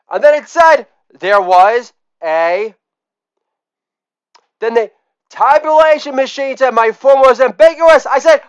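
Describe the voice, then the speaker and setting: This middle-aged man hosts a comedy podcast, where his unhurried, crude deadpan patter jumps from mumbled low remarks to shouted catchphrases. There's no echo on the audio.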